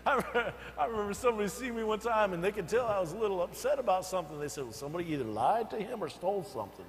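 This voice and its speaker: An older man, a senior pastor, preaching a sermon, telling stories and swinging between soft asides and loud emphatic bursts. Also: high voice, animated, racing, hardly any pauses, in a large hall, low-quality recording. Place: church sanctuary.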